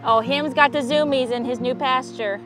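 A woman's voice: sits high, fairly even intonation, moderate pace. Chatty woman vlogging outdoors. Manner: chatty, gushing, laughs often. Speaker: vlogger on a donkey farm. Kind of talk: casual vlog chat. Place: outdoors in a donkey pasture. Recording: roomy sound with guitar music behind.

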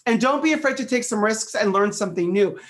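A middle-aged man chatting as an interview guest, animated and storytelling, often repeating phrases, heard over a video call. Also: high voice, fast. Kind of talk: casual interview chat.

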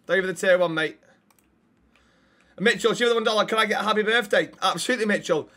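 A man with a high, forceful, bright voice, streaming a police role-play. He talks loudly and cheekily, swears often, and keeps up banter with his chat. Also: quick pace. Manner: loud, cheeky, swears a lot. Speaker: streamer playing a police officer.

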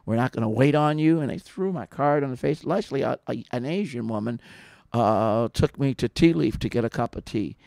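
A man talking in a casual, rambling monologue, telling stories with many restarts and growing louder when aggrieved. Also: medium pitch, normal speed, creaky, no room sound, clean studio sound. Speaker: podcast subject telling stories.

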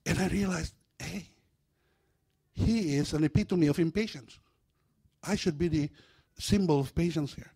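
Pastor guy preaching, funny and animated, kinda high voice. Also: normal speed, gravelly, pauses often, slightly rough. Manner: animated, humorous, acts out voices. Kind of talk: sermon. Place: church.

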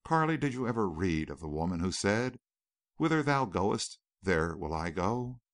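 Narrator as a calm young ex-soldier, gentle, earnest, lowish voice, dry close sound. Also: male voice, moderate pace, dry recording. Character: steady, gentle young male war veteran.

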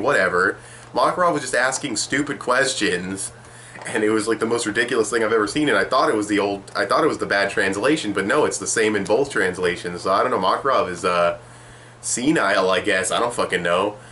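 A man's voice: lowish voice, lively intonation, fairly quick, sharp tone, slight background noise. A young man giving a rambling, sarcastic manga chapter review, swearing casually.

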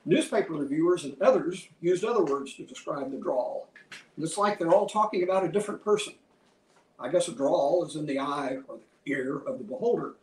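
A man gives a museum lecture in a measured, scholarly manner, reading out quotation after quotation. His voice sits a little high for a man. The sound carries the roomy echo of a lecture hall, heard from some distance away. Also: a little hiss or hum.

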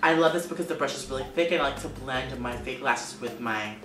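In this vlog clip, a man with a mid-range voice talks a little fast about his favorite makeup, gushing and repeating words to stress them. He's a makeup vlogger recorded from a distance, off-mic, with roomy echo and background music.

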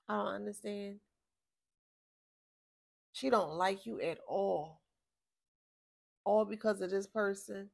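Speaking in a mid-range voice with vocal fry, a woman from Philadelphia, USA, does an informal tarot reading. She's profane and blunt, sounds exasperated, and lets the talk drift off topic.

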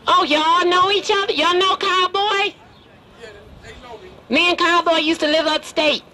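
In an exaggerated, very high voice, a man plays a streetwise wooden dummy who teases people on a busy city street, all brash, flirty wisecracks. He's unhurried, with fairly even intonation and a bright, forceful tone. Crowd noise from the street fills the background.

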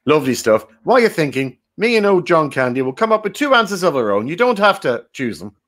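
A man's voice: on the high side, sing-song, fast talker, fairly bright tone. A man playing a jovial, rambling game-show host who is dead and in heaven, hosting a comic improvised quiz. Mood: chummy. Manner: chummy, rambling, self-mocking banter.

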